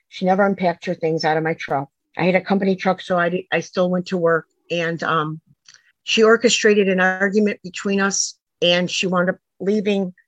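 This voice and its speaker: A middle-aged woman with a lowish voice recounts a family story in earnest, meandering sentences that keep jumping back and forth in time. The recording is dry and close, with almost no room sound. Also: darkish tone, no room sound, dull audio. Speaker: interviewee, a mother telling her daughter's story. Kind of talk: personal storytelling.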